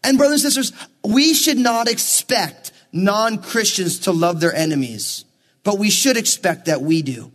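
A man's voice: high voice, lively intonation, measured pace, a bit bright, in a large hall. A man preaching a sermon as pastor, reading scripture and acting out people's words. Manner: preaching with Bible readings, voicing characters in asides.

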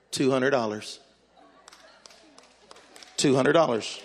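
A man, a pastor, telling a story in a sermon in an animated, exclamatory way and acting out the voices. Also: medium pitch, unhurried, pauses often, some chatter behind.

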